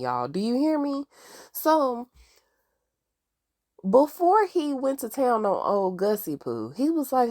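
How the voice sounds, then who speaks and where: Animated, slangy woman recapping a TV show. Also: sits high. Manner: animated, slangy, chatty, talks straight to viewers. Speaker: TV recap host. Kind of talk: casual TV recap.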